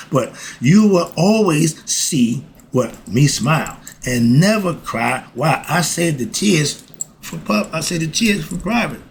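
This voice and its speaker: A man's voice: on the high side, a little hiss or hum. An older man giving life advice in a casual monologue, folksy and emphatic, breaking off with frequent asides.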